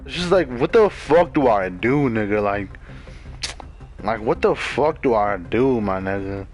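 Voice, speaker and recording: A man's voice: on the low side, animated, measured pace, darkish tone, soft background music, low-quality recording. A young man from Maryland, a gamer on voice chat, rambling and venting in a casual, profane way full of "like" fillers, talking from his bedroom over a headset. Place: bedroom at home.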